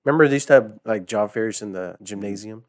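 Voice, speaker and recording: A young man with a lowish voice chats casually as a podcast guest. He rambles through his stories with lots of fillers and frequent laughs, and the sound is close and dry, with no room echo. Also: fast. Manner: rambling storyteller, many fillers, laughing often. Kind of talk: casual chat.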